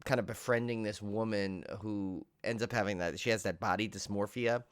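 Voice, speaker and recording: A man co-hosting a horror podcast, rambling through a casual film review with halting restarts. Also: on the low side, steady tone, clean tone, no echo, studio quality. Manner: rambling, halting, heavy use of "like". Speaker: podcast co-host.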